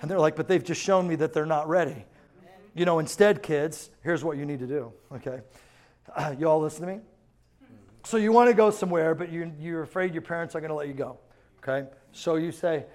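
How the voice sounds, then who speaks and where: Pastor, male, high-pitched, lively sermon delivery with playful asides. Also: a little fast. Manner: animated, acts out quotes, laughs often.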